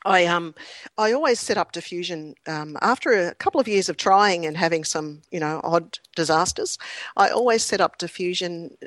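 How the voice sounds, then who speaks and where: Lively woman telling stories. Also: lowish voice, normal speed, no room sound. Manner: lively anecdotes, frequent laughter and ums. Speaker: clinical psychologist guest. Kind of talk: conversational interview storytelling.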